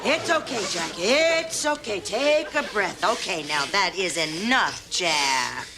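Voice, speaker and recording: A woman's voice: medium pitch, expressive, takes it slowly. An actress playing a wry suburban mother in a sitcom who soothes her hot-headed husband in a sing-song, dry tone. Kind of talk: sitcom acting. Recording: noisy sitcom soundtrack with loud audience laughter.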